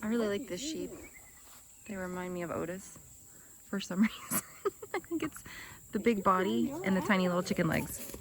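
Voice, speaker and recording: Young woman vlogger, mid-range voice, excitable and chatty, outdoors over crowd noise. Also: mid-range voice, moderate pace, long pauses. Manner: chatty and excitable, coos at animals. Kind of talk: casual vlog narration. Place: outdoor farm animal sanctuary.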